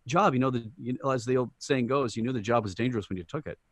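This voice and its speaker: Middle-aged male voice actor guest, lively anecdote teller, mid pitch, dry close mic. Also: quick pace, no room sound. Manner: chatty and animated, retelling anecdotes with quoted voices. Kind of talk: casual interview storytelling.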